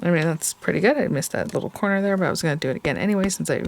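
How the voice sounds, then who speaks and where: A woman's voice: on the low side, racing, gravelly, slight background noise. Chatty woman narrating a craft tutorial. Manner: chatty, thinking aloud while working. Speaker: crafting host.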